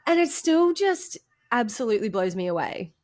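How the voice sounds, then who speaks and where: A young woman, chatting casually as a podcast co-host, bubbly and quick to laugh, with lots of "like". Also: a little high, sing-song, darkish tone. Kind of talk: casual chat.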